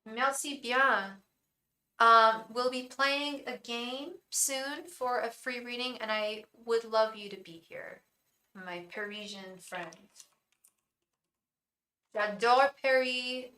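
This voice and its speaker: Chatty woman tarot reader, bright voice. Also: on the high side, slow pace, echoey room. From England. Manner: chatty and effusive, greeting viewers by name, frequent ums and restarts. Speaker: tarot reader hosting a live stream. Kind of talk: casual live-stream chat.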